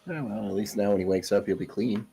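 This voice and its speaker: Gravelly-voiced man joking at the table. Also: lowish voice, quick pace, warm tone, soft background music. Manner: joking, playful. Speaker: player. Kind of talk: casual tabletop game chat.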